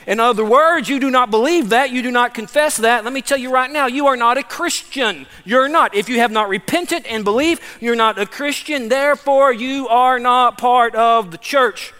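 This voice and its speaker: A man with a high voice preaches an emphatic sermon, swinging between hushed asides and loud declarations. He talks casually, calling listeners "man". His voice rings out with a long reverb, as in a big hall. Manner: informal, says "man". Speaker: pastor.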